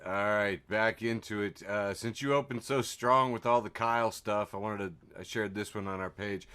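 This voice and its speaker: A man hosting a casual podcast, chatting in a relaxed, wry way and laughing easily. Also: lowish voice, moderate pace, clean tone. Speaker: podcast host. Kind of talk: casual chat.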